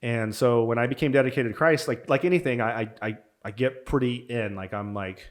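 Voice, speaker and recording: A man guest telling stories in casual talk, acting out quotes with lively energy and saying "dude" often. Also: medium pitch, a little fast. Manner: animated, acts out quotes, says "dude" a lot. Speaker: podcast guest. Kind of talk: casual storytelling.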